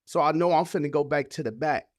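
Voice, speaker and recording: A man's voice: on the high side, fast, dry recording, clean studio sound. A man, a podcast guest, telling an emotional personal story in casual, heartfelt speech. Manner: casual, heartfelt, acts out voices of family in his story.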